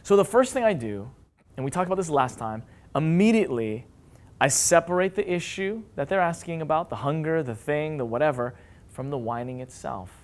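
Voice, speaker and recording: A man in his thirties with a slightly raised pitch, talking casually to camera about parenting. He is animated and conversational, and now and then slips into a high, whiny kid voice to make a point. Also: normal speed. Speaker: parenting vlogger, father of five. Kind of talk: casual advice talk to camera.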